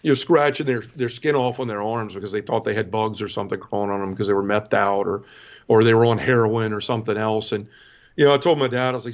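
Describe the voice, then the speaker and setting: A man's voice: lowish voice, steady tone, fast, dull audio. A middle-aged man from the American South telling an emotional personal story as an interview guest, earnest, with many restarts. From Southern United States.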